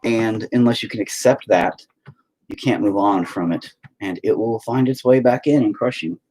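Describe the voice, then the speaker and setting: A man's voice: lowish voice, normal speed, warm tone, poor audio. A man giving a casual, rambling monologue, emphatic and heavily profane.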